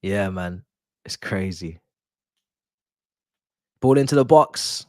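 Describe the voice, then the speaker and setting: A young man chatting casually on a football watch-along stream, joking and laughing in slang and erupting loudly at near-misses. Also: deep voice, lively intonation, slow, no room sound, studio quality. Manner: laughing, nostalgic banter with slang, loud bursts at near-misses.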